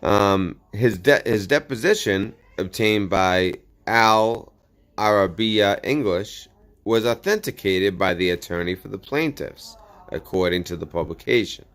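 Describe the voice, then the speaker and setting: A man with a fairly low voice reads news articles aloud for his commentary channel. He breaks off into sarcastic remarks and now and then trips over a word before going on. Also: measured pace, fairly bright tone. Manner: sarcastic asides, stumbles over words while reading. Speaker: political commentary channel host.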